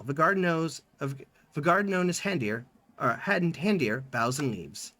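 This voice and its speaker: Male streamer reading game dialogue aloud; lively, slightly high voice. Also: unhurried, no room sound. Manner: lively, reads in-game dialogue with small voice changes.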